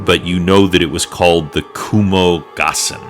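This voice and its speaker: A man's voice: deep voice, fairly even intonation, normal speed, soft background music. A man narrating as dungeon master in a rambling, casual way with many fillers. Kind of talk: narrating a tabletop game.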